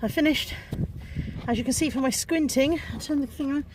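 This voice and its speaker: A British woman talks chattily to a handheld camera at an outdoor car boot sale, wry and self-mocking. She sounds out of breath and snuffly with a cold, and her voice sits a little high. Steady background noise runs under the recording. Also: brisk. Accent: British English. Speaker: vlogger. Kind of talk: casual vlog narration.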